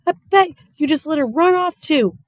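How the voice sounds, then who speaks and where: A woman's voice: fairly high pitch, brisk, dry recording, clean studio sound, voice pushed up, natural voice. A woman voicing a spirited, stubborn young girl who talks in a raised, emphatic way. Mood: shouting.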